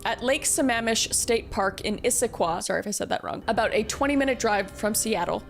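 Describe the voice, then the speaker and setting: A woman telling a true crime story in a casual, chatty way, with swearing and filler-heavy asides. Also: medium pitch.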